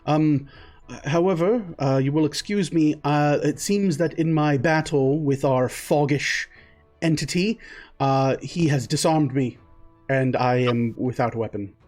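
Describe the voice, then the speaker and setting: A man's voice: fairly high pitch, a little slow, a little mellow, soft background music, close to an everyday voice. A man voicing an eager, polite young male recruit who stammers and speaks formally.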